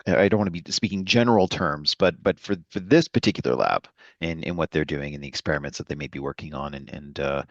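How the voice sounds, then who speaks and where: A man playing a tabletop game, talking haltingly and searching for words. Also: extremely low pitch, no room sound. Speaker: player. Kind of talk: session-zero planning chat. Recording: muffled lo-fi mic.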